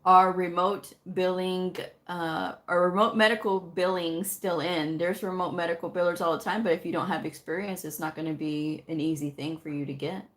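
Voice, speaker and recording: A woman's voice: on the low side, fairly even intonation, normal speed, few pauses, fairly bright tone. A middle-aged woman hosting a live stream, casually chatting and reading out and answering viewer comments. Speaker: livestream host answering viewer questions.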